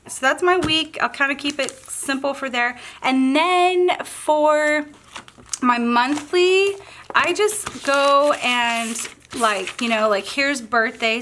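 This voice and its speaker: A woman's voice: sits high, sharp tone. Bubbly Southern woman chatting while painting. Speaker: craft tutorial host. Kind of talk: casual painting tutorial.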